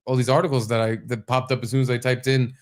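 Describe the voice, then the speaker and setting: A man's voice: medium pitch, fast. A man co-hosting a podcast, telling stories in casual comedic chat with lots of swearing and animation. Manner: profane, animated storytelling. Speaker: podcast co-host.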